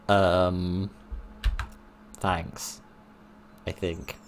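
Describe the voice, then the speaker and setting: Young-adult let's player, self-mocking and dry; low voice at a desk mic. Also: male voice, very slow, pauses often, a little hiss or hum. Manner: wry, self-mocking, chuckling. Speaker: let's play host. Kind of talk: gaming commentary.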